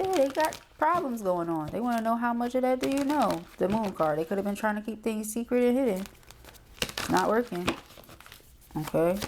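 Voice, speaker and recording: A woman's voice: on the low side, a little mellow, slight background noise. A woman doing a casual tarot reading, chatty and slangy, often checking in with "okay?". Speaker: tarot reader.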